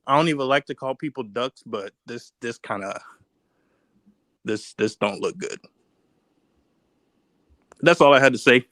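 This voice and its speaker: A man's voice: medium pitch, a little slow, long pauses, fairly bright tone, dry recording. Rambling man calling in, dry sound. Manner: rambling, repeats words, restarts. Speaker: caller. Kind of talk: casual call-in talk.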